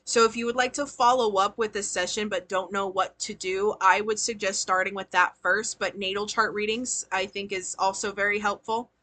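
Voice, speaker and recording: Bright-voiced chatty woman, quick to laugh. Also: mid-range voice, steady tone. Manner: chatty, laughs often, slangy and affectionate. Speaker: tarot reader and spiritual healer. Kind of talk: live-stream reading, casual chat.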